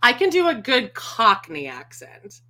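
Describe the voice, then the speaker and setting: A woman's voice: on the high side, wildly swooping pitch, unhurried, pushed and bright. A woman hosting a podcast, chatting casually, laughing often and swearing freely. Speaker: podcast host. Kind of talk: casual chat.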